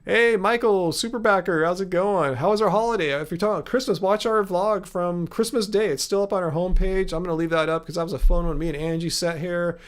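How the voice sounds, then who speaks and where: A Los Angeles man hosts a casual live Q&A for viewers, his high-pitched voice racing along with few pauses. His manner is easygoing and rambling, packed with fillers.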